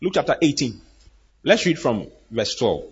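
A man's voice: medium pitch, big pitch swings, moderate pace, husky. A man preaching a sermon, acting out Bible characters and laughing along the way. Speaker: pastor. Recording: dull lo-fi recording.

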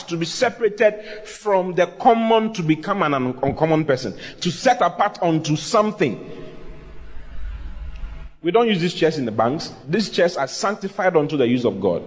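Animated preacher, fairly high voice. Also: male voice. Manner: animated and humorous, with teasing asides and repeated phrases. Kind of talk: sermon with call and response. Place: church with a live congregation.

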